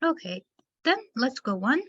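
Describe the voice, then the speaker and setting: Woman teacher trainer, slightly high voice, explanatory webinar delivery over a dull video-call line. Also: big pitch swings, moderate pace. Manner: explanatory, addresses listeners as dear teachers. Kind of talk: online webinar lecture.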